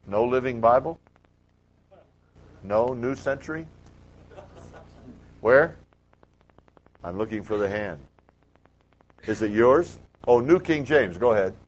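Emphatic Bible teacher, muffled recording. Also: male voice, medium pitch, expressive, slow, long pauses. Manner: emphatic, asks the class questions. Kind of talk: classroom Bible lecture.

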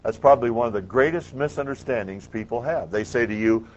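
A man's voice: mid-range voice, brisk, a little mellow. A man teaching a classroom Bible lecture, emphatic and quizzing the class with questions. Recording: muffled lo-fi classroom recording.

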